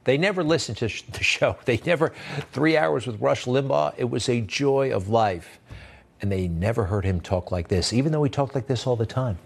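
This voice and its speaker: A man's voice: mid-range voice, animated, moderate pace, creaky, slightly rough. A man hosting a commentary show, delivering a sarcastic, rambling opinion monologue between clips.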